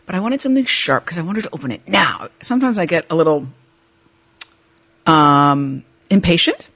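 A woman hosting a podcast, telling a personal story in a chatty, animated way and laughing as she talks. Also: normal speed, breathy edge. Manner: animated, jumps into high-pitched voices when reenacting her panic; chatty, laughs while talking. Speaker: podcast host.

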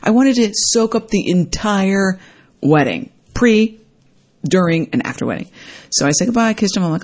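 A woman telling a personal story in a casual, reflective way, acting out what people said with sudden jumps in her voice. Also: moderate pace. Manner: animated, acts out quoted dialogue with big pitch jumps.

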